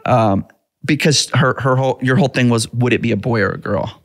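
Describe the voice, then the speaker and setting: A man in his thirties hosting a podcast, chatting casually and acting out quotes in a raised, lively voice. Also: medium pitch, fairly quick, dry recording, studio quality. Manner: animated storyteller, acts out quotes in a raised voice. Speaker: podcast host. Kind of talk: casual chat.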